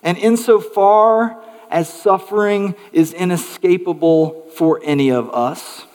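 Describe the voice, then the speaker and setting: A man's voice: sits high, slow, darkish tone. Man preaching in a reverberant hall. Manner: earnest, emphatic preaching with rhetorical questions. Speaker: pastor. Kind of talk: sermon.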